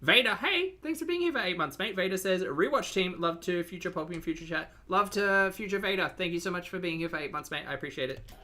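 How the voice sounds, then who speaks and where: A woman's voice: lowish voice, animated, fast talker, bright, forceful tone, a little hiss or hum. A woman streaming live, reacting to videos with sarcastic, teasing commentary and thanking her chat.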